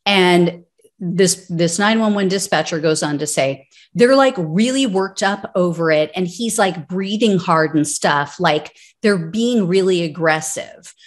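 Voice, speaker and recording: A woman's voice: on the low side, unhurried. A woman commenting on political news, reading out court records and breaking into sarcastic, indignant asides.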